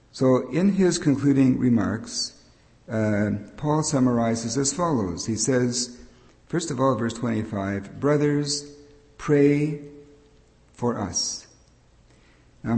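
A man's voice: mid-range voice, vocal fry, dark tone. An older man giving a patient, explanatory Bible teaching sermon as a preacher. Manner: explanatory, patient, with frequent restarts. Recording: long reverb of a hall.

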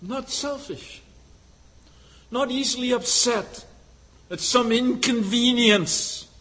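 A man preaching a sermon, swinging between loud exhortation and hushed questions. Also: very high voice, takes it slowly, low-quality recording.

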